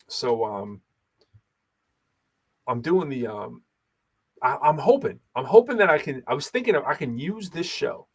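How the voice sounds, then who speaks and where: A man in his thirties, host of a relaxed talk show, who rambles with lots of fillers and frequent laughs. His pitch climbs and dips a lot as he talks. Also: vocal fry, husky. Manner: animated, laughs often, many fillers. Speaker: podcast host and battle rapper. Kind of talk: casual chat.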